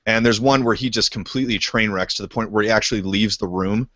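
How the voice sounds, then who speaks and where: A man's voice: on the low side, quick pace, bright, forceful tone, no echo. A man hosting a casual podcast, laid-back and laughing, cursing freely in his stories. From Canada. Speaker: podcast host. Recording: muffled, lo-fi podcast audio.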